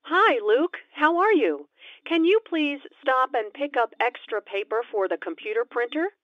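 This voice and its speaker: A polite woman on the phone asks a coworker for a favor, as an actress plays her. Her voice sits high and comes through a muffled, dull line. The delivery is plain and scripted. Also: lively intonation, normal speed, dry recording. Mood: polite, urgent. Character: friendly adult woman calling a coworker. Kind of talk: scripted dialogue. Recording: dull phone-like call audio.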